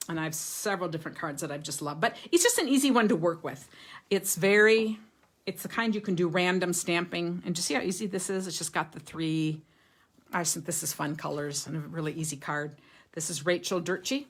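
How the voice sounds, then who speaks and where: A woman hosts a live stream about handmade cards, talking casually and warmly to her viewers. Her voice sits a little low, and she laughs often between remarks. She reads viewer comments aloud as she goes. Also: moderate pace. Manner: chatty and enthusiastic, laughs often. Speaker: card-making livestream host.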